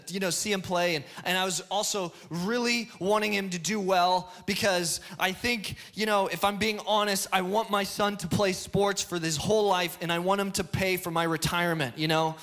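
A man in his thirties delivers a sermon in a high, bright voice. He tells stories animatedly, stumbles into restarts, and breaks into excited shouts. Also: normal speed, hardly any pauses. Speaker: pastor. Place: church hall before a congregation.

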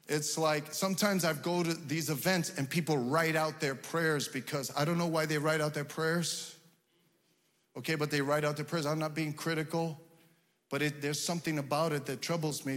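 A male pastor preaching a sermon, building to loud shouted emphasis, in a church. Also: a little high. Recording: long reverb of a church hall.

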